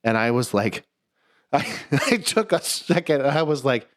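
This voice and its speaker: A man's voice: medium pitch, sing-song, a little slow, a bit bright. A young man co-hosting a podcast, telling a story in casual chat, swearing freely, laughing mid-sentence and restarting his words. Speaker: podcast co-host.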